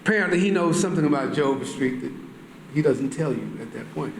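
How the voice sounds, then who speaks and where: A man's voice: fairly high pitch, animated, fast, background noise. A man on a panel telling an anecdote casually, laughing and using slang. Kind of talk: anecdotal storytelling. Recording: roomy room with faint ambience.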